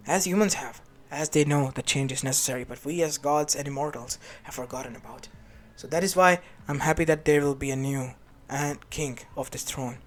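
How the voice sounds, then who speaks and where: A man's voice: a little high, close to an everyday voice. A man voicing Zeus, a remorseful god-king. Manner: earnest, apologetic. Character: remorseful male king of the gods. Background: faint lofi music.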